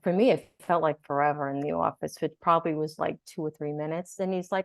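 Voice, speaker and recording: A woman speaks as a guest in an interview, somewhat low-pitched for a woman. She tells her story with energy and acts out the voices of the people in it. The sound is dry and close. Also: fast, vocal fry, few pauses, no echo. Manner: animated storyteller, acts out quotes. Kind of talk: conversational interview.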